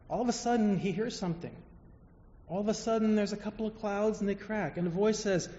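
A man preaching a sermon, telling stories emphatically and letting phrases fall soft at the end, then leading a prayer. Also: high voice, fairly quick. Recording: echoey hall, dull lo-fi sound.

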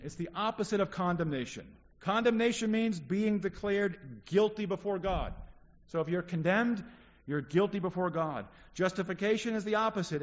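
A man with a fairly high voice preaches a sermon, earnest and teaching, repeating key phrases to drive them home. The sound is dull and lo-fi, with a long reverb from the hall. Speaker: pastor.

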